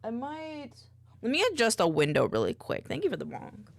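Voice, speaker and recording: Brief: woman VTuber, chatty and bubbly, voice bounces high and low, boom-arm desk mic at home. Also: very animated, moderate pace, creaky, no echo. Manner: bubbly, rambling, chatty with viewers. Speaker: VTuber streamer. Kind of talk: casual livestream chat.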